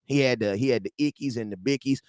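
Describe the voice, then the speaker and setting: Animated man about forty. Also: quick pace, dry recording, studio quality. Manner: animated, swinging between loud outbursts and low asides, slangy. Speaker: football fan show host. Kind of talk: casual fan commentary. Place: his garage.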